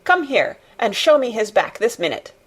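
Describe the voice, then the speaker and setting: A woman's voice: a little high, expressive, unhurried, breathy edge. A woman voicing a fierce, scolding little girl in an audiobook reading. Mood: furious. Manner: scolding, commanding. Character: furious bossy little girl, fierce and stamping.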